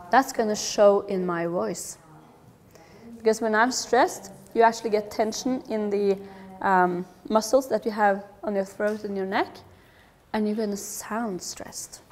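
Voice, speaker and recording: A middle-aged woman giving a lively public talk about children's behaviour, with humorous asides. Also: medium pitch, a little slow. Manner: lively, acts out quoted voices, humorous asides.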